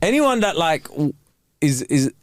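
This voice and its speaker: A man's voice: fairly high pitch, unhurried. A man co-hosting a podcast, bantering casually with slang and swearing and laughing often. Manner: animated, laughs a lot, swears freely, slangy. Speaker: podcast co-host.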